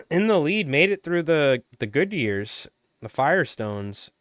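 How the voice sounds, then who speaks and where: A man with a smooth, round voice that is wearing hoarse, calling a race like a playful sportscaster on a live stream. He talks close to the mic in a dry, dead room. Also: on the high side, big pitch swings, slow pace, a bit bright, no room sound. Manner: playful sportscaster-style play-by-play of a marble race. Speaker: fly tying live streamer.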